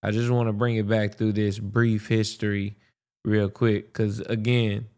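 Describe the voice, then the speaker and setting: Male podcast host, unhurried, clear voice, animated profane reactions. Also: lowish voice. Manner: animated, profane, thinks aloud with restarts. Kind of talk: casual reaction commentary.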